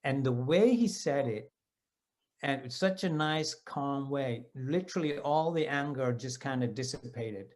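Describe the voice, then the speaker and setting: A man in his fifties sharing personal devotional experiences in a relaxed storytelling talk, with many asides and self-corrections. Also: medium pitch, unhurried.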